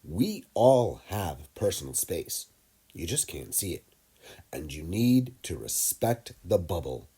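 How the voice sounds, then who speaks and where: A man teaches children in a slow, deliberate narration. His voice sits very low and warm, yet it rises and falls widely as he speaks to the kids directly. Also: sing-song, husky.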